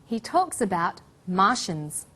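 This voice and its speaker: Slow, clear woman teaching English. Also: medium pitch, big pitch swings, fairly bright tone. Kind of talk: scripted narration.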